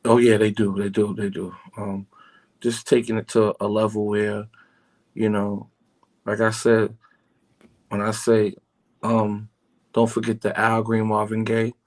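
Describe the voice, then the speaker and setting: A middle-aged man with a New York accent, calm and smooth, talking as a guest on a casual radio show from his home. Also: lowish voice, measured pace, pauses often, low-quality recording. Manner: calm, smooth, laid-back. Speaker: guest singer and producer.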